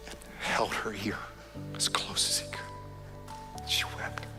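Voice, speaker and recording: A pastor, a man, telling a story in an earnest, emphatic sermon in a church sanctuary. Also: takes it slowly. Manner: earnest, emphatic, softening to near-whispers at tender moments. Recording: long hall reverb with soft music behind.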